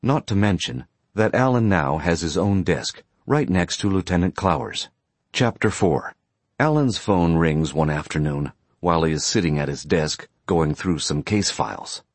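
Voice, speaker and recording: A man reads a story aloud in a steady, plain way, his voice deep and husky. His pitch still moves in a lively way, and the recording is dry and close. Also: normal speed, no room sound. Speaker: narrator. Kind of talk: audiobook narration.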